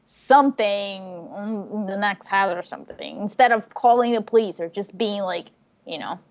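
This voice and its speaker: A woman co-hosting a podcast roundtable, talking in a chatty, lively way with lots of fillers and laughter. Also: mid-range voice, moderate pace. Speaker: podcast co-host. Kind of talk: casual roundtable chat. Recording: slightly muffled podcast audio.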